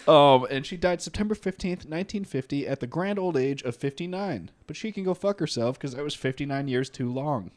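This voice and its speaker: Young male podcast co-host, animated delivery, loose and profane storytelling. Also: fairly high pitch, a little fast, hardly any pauses. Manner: laid-back, swears freely, laughs often. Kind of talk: casual comedic history storytelling.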